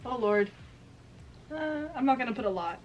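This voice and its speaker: A woman's voice: fairly high pitch, lively intonation, normal speed, lo-fi sound, a little hiss or hum. A young woman vlogger chatting casually, giggly and blunt, often saying "ew". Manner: giggly, blunt, says "ew" a lot. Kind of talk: casual chat.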